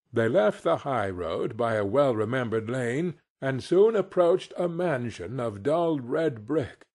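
Guy reading an audiobook, slow and husky, lots of ups and downs. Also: mid-range voice. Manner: expressive, unhurried storytelling. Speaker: audiobook narrator. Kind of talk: scripted narration.

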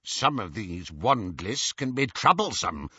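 Audiobook: man playing a cool, suspicious wizard, lively pitch, bright, dry sound. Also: a little slow, slightly rough, no room sound, muffled recording, full character voice. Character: cool, haughty middle-aged dark wizard.

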